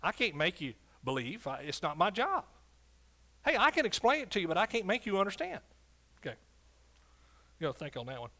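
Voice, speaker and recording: A pastor preaches a sermon, swinging between loud declarations and quiet asides and often calling out for an amen. His fairly high voice is very animated and a little fast, with frequent pauses.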